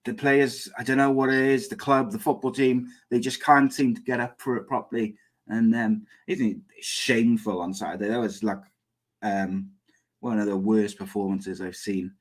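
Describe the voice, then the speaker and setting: A man's voice: lowish voice, fairly even intonation, normal speed. A young man hosting a comedic podcast in a rambling, chatty, plain-spoken way. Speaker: podcast host. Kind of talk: casual comedic chat.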